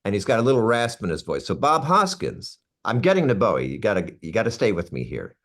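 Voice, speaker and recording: An actor in his sixties talks casually during an interview, his fairly low voice moving at a quick clip. He tells his stories with energy, often wandering into asides and restarting his thoughts.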